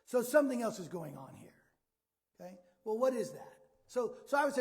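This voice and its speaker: A man's voice: very high-pitched, very animated, brisk, a little mellow, husky. A man preaching a sermon in a conversational way, often repeating words and asking the audience questions. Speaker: pastor.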